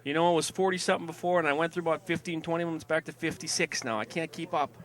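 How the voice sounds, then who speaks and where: A man calling a football game online, eagerly reading out viewer emails and shout-outs. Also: a little high, fairly even intonation, very fast. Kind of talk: live sports webcast commentary.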